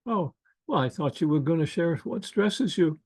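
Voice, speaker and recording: An older man presenting an online workshop over a video call, speaking slowly and gently with many fillers and asides. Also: a little high, lively intonation, no room sound, poor audio. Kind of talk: casual online workshop talk.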